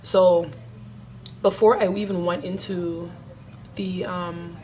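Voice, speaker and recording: Young woman doing a storytime vlog, low-ish voice, cusses a lot, quotes people, slight hiss. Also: slow. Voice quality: swears freely, animated quoting of others. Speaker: vlogger.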